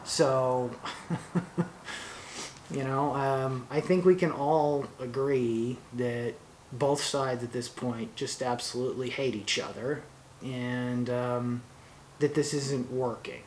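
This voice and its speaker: A man from Oregon hosting his own channel, giving a political opinion monologue in a slow, deliberate way with frequent fillers and restarts. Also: medium pitch, fairly even intonation, a little hiss or hum. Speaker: workshop channel host.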